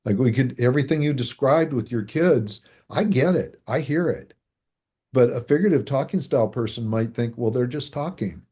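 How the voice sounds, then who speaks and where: A man speaking as a guest author in a podcast interview, animated, acting out what people say and chuckling between points. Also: mid-range voice, moderate pace, husky. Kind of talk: conversational interview.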